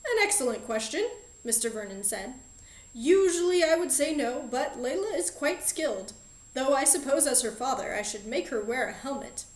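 A woman plays a genial, eccentric middle-aged magic shop owner and father in an audiobook, fussy and politely formal, with a lilting voice pitched fairly high. The reading rings in a roomy, echoey space. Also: expressive, moderate pace.

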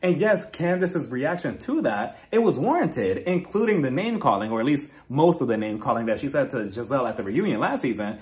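A man's voice: medium pitch, big pitch swings, fairly quick, few pauses, darkish tone. A man giving a blunt, opinionated casual recap of a reality TV episode, talking straight to his viewers. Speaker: reality TV reviewer.

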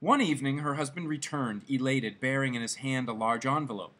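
A man reading a classic short story aloud, in an expressive, dramatic manner. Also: mid-range voice, brisk. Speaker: story reader.

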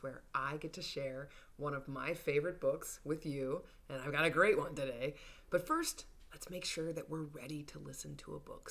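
A woman leads a toddler storytime, reading a picture book aloud and singing songs in a playful, encouraging, sing-song way. Her voice sits low with vocal fry and is a bit bright.

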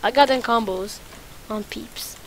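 A high-pitched woman narrating her own gameplay in a let's play. She is excitable, swears freely and loops the same phrases again and again. A faint hiss sits under her voice. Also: unhurried. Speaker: gaming channel host.

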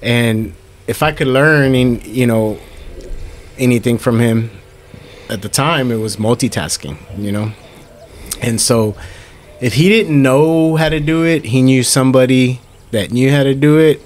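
A middle-aged man sharing memories of his late brother in casual family conversation, rambling with many fillers and acting out quoted dialogue. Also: medium pitch.

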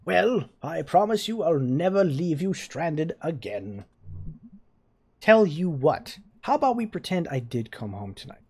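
A streamer reading aloud the lines of a worried, gentle middle-aged father in a video game, in an apologetic tone. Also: mid-range voice, very animated, a little slow, breathy edge, heavily acted.

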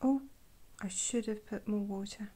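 A woman talking softly while swatching paints, often dropping to a whisper and gushing with delight. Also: mid-range voice, measured pace. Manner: gushing, effusive, trails off into whispers. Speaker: art vlogger. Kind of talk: soft-spoken swatching commentary.

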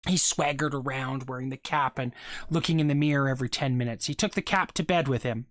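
A reader narrating a short story aloud for a class, in a steady, measured way. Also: mid-range voice, no room sound, studio quality.

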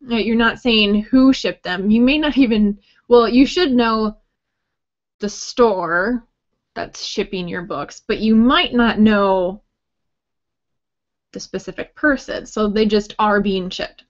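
A woman teaching a grammar workshop at an unhurried pace, friendly and explanatory, with light joking asides. Her voice sits at a middling pitch. The sound is slightly dull and lo-fi. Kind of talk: recorded grammar lesson talk.

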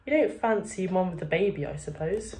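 A woman's voice: on the low side, expressive, brisk, mellow, a little hiss or hum, lightly acted. A woman voicing a mischievous schoolboy in a storybook reading, eager and barely holding in laughter. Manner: eager, trembly with suppressed laughter.

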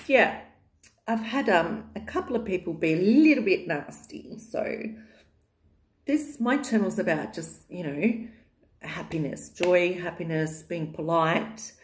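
This vlogger's voice is on the high side, with slight background noise behind it. Chatting casually in the echoey, bare living room of her new home, she gushes affectionately and uses a lot of fillers.

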